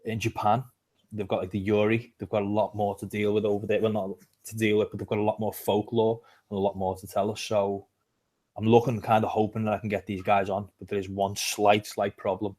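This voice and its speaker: A man's voice: lowish voice, little pitch movement, brisk, darkish tone. A man with a British accent, co-hosting a casual podcast chat in a rambling, talkative way. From Britain. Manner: rambling, chatty, frequent "um". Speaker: podcast co-host.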